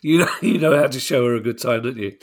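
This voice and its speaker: A man's voice: mid-range voice, fast. A middle-aged man co-hosting a podcast, bunged up with a cold, talking in a wry, teasing way. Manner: wry, teasing, laughs easily. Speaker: podcast co-host. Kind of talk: casual podcast chat.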